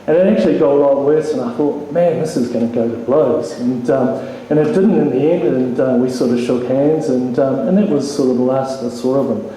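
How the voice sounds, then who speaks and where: A man's voice: medium pitch, a little fast, hardly any pauses, warm tone. A man giving an informal eulogy at a funeral, hesitant and full of ums, with a joking touch. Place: funeral hall. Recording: very echoey hall, faint noise.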